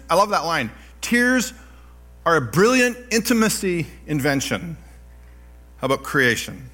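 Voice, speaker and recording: Middle-aged male preacher, animated storyteller, bright forward tone, light music bed. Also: a little high. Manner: animated storytelling with self-deprecating laughs. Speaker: pastor. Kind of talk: sermon.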